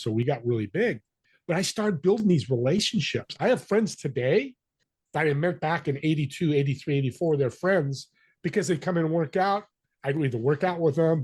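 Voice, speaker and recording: A man's voice: a little high, a little mellow, breathy edge. An older man, a podcast guest, telling stories energetically and acting out quoted voices in conversation. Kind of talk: conversational interview.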